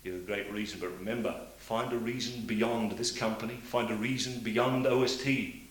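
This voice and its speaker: A middle-aged man giving a motivational speech to a sales audience, swinging between loud preaching and quiet, confiding storytelling. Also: fairly low pitch, fairly even intonation, moderate pace. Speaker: motivational speaker at a sales meeting. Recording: hissy old cassette tape in a roomy hall.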